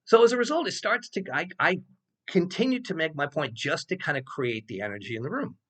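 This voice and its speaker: A man's voice: fairly high pitch, brisk, slightly rough. A man in his sixties, a professor, telling a rambling personal story in a loose, casual way and swearing freely. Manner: animated, acts out quoted voices, swears freely; loose and rambling with many fillers.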